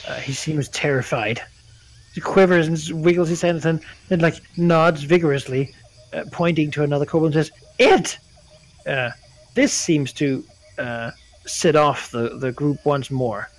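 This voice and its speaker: A man's voice: fairly high pitch, steady tone, normal speed, low-quality recording. Casual man narrating as game master. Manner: casual, hesitant with many fillers.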